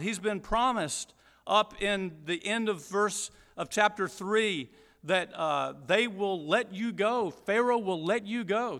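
Slow, bright-voiced man from Georgia teaching Scripture. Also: sits high, in a large hall. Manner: explanatory, deliberate, emphatic repetition. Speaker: Bible teacher. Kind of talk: verse-by-verse Bible teaching.

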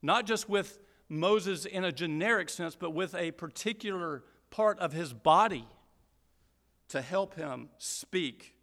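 A man from Georgia teaching through a Bible passage verse by verse, explaining deliberately and repeating points for emphasis. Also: sits high, a bit bright, big-room sound.

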